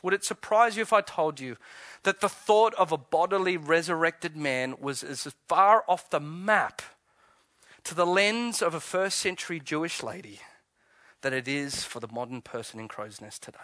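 A man's voice: fairly high pitch, lively intonation, normal speed, sharp tone, dry recording, clean studio sound. A man preaching an Easter sermon in a conversational, questioning way, often restarting phrases. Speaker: pastor.

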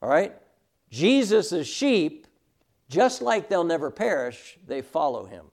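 A man's voice: fairly high pitch, big pitch swings, slow. A middle-aged man teaching a Sunday school class, emphatic and often checking in with "all right?".

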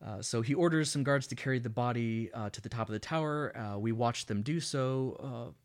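A man co-hosting a casual movie podcast recaps a film in a mid-range voice, a little fast, with sardonic, exasperated and profane commentary.

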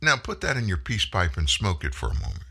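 Scornful man with a bright edge. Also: low-pitched, huge pitch swings, quick pace, creaky, husky. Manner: mocking, folksy, scornful asides. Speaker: political commentary host. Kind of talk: opinionated monologue.

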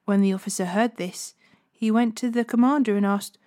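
A woman hosting a daily Bible reading, reading scripture in a measured, unhurried way. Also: mid-range voice, steady tone, a little mellow.

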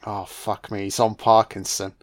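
This fairly low-pitched man talks at a moderate pace in a laid-back film commentary. Excitable and loaded with profanity and slang, he keeps calling his listeners man, son and baby.

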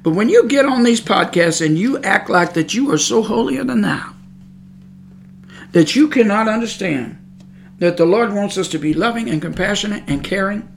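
A woman's voice: medium pitch, lively intonation, moderate pace, vocal fry, slight background noise. A woman preaching on a podcast, emphatic and scolding, repeating her points. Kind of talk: preaching monologue.

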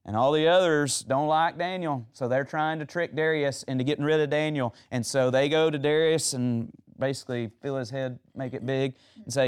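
A man's voice: medium pitch, fairly quick, hardly any pauses, clear, resonant tone. A man preaching a sermon, retelling Bible stories and asking the audience questions.

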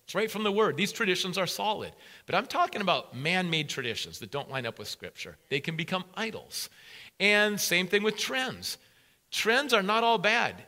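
A man's voice: high voice, big pitch swings, moderate pace, pushed and bright. A man preaching a sermon as a pastor, emphatic and repeating key phrases for weight.

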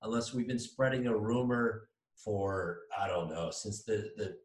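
A man's voice: fairly low pitch, unhurried. Profane rambling man telling stories. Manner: profane, rambling, acts out quotes loudly. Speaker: podcast host. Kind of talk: casual storytelling chat. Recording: echoey room.

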